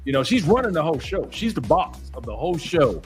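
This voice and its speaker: A man's voice: fairly high pitch, big pitch swings, fast talker, faint music behind. An American man hosting a livestream, chatting casually and rambling through stories with lots of fillers. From United States. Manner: laid-back, rambling storytelling with many fillers. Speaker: livestream host. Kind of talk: casual chat.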